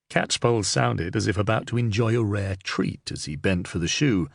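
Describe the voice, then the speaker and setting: A man narrating an audiobook in a steady, measured reading. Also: on the low side, vocal fry, dry recording, clean studio sound. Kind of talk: scripted narration.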